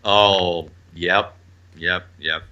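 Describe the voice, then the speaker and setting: A man co-hosting a film podcast in casual chat. He is animated, laughs often and is quick to agree. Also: low-pitched, highs cut off. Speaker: podcast co-host.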